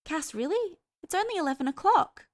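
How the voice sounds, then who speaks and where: A woman voicing a fretful, insistent young woman in a fan fiction reading, her lines high, loud and pleading. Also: lively intonation, a little fast.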